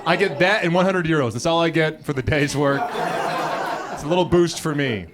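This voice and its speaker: An American man performing stand-up comedy, animated and acting out other people's voices. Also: on the high side, a little fast, crowd noise. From United States. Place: comedy club stage before a live audience.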